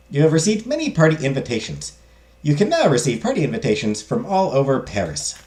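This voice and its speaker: Game streamer, let's play narration, self-mocking jokes, very lively pitch, roomy echo. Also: fast talker. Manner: joking, self-mocking asides. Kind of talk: let's play commentary and reading game text aloud.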